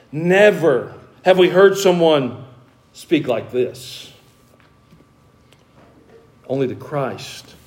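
A man pastor preaching a sermon in a church, slowing down to stress key words as he explains scripture. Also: high voice. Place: church sanctuary.

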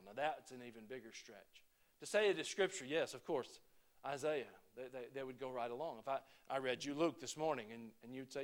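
A pastor preaches to his congregation in a conversational manner, moving back and forth between emphatic points and quiet asides. His voice is on the high side and his pace is brisk.

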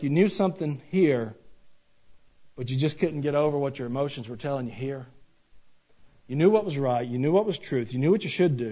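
A man preaching a sermon, animated and joking, with rhetorical questions to the congregation. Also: fairly high pitch, slightly rough. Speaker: pastor. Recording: dull lo-fi recording.

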